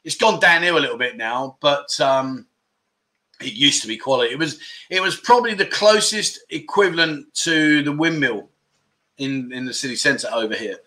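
Bright-voiced man, rambling. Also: medium pitch, expressive, normal speed. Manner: rambling, jokey, loses his train of thought. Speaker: livestream host. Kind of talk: casual livestream chat, reading viewer comments.

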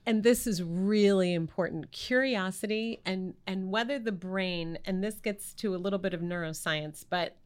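Woman, podcast co-host, thoughtful, reflective, mid pitch. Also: normal speed, hardly any pauses, smooth. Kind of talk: podcast conversation.

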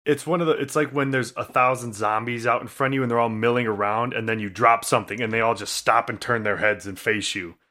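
A man's voice: mid-range voice, fairly even intonation, fast, hardly any pauses, sharp tone. A man co-hosting a podcast in casual chat, telling stories with a dry, wry manner. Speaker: podcast co-host.

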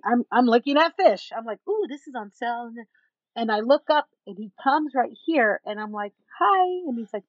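A woman guest in an interview, telling a story in an animated way and acting out the people in it. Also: fairly high pitch, dry recording, muffled recording. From Texas. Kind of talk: storytelling in a conversation.

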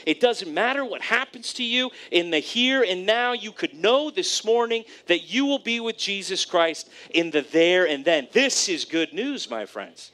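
A man preaching a sermon, telling a personal story in an animated way, often checking in with "right?". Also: sits high, measured pace, few pauses. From California, USA. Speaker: pastor.

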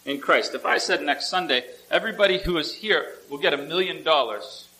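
A man's voice: on the high side, brisk, pushed and bright, rough recording. A male pastor preaching a sermon in a conversational way, often asking the congregation questions and repeating words as he restarts.

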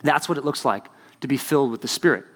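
A man's voice: mid-range voice, fast, fairly bright tone. A young man preaching to a youth group in a chatty way, checking in with his listeners by asking "right?" over and over. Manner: conversational, keeps asking "right?". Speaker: youth pastor. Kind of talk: sermon.

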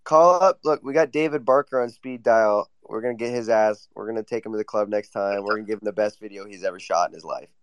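A man's voice: on the low side, quick pace, hardly any pauses, slight background noise. A man joking around boisterously in a casual chat.

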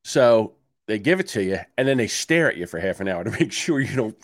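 A man's voice: lowish voice, sing-song, a little fast, no room sound, studio quality. A man in his sixties co-hosting a podcast, telling a story in casual chat, swearing and acting out both sides of his phone calls. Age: 60s. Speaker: podcast co-host.

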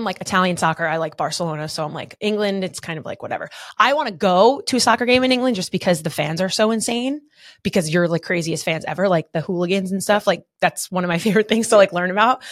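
A woman's voice: lowish voice, fairly bright tone, dry recording, studio quality. A woman hosting a podcast, asking questions in a chatty, enthusiastic way. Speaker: podcast host. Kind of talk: casual interview chat.

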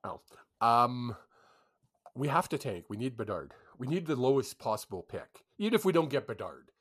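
A man's voice: medium pitch, sing-song, normal speed, a bit bright, slightly rough. A man co-hosting a casual hockey podcast, swearing and laughing through the banter. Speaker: podcast co-host.

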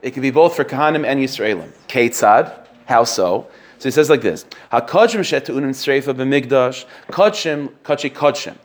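A man's voice: medium pitch, lively intonation, normal speed. A man teaching a text-based lesson, reading sources aloud, translating them and repeating key phrases as he explains. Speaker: Talmud teacher.

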